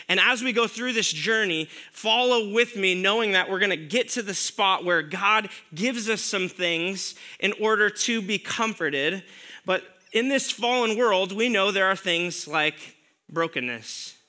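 Bright-voiced man preaching a sermon. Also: high-pitched. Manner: conversational preaching with rhetorical questions. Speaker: pastor.

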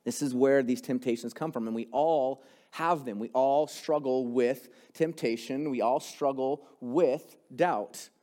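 A young adult man preaching a sermon, telling a story in a casual, animated way that builds in intensity. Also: mid-range voice, measured pace, few pauses. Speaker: pastor.

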